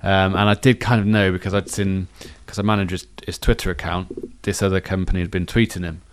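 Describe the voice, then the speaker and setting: Fast-talking deep-voiced man chatting. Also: little pitch movement, clean tone. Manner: rambling, self-correcting, chatty. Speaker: podcast co-host. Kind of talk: casual chat.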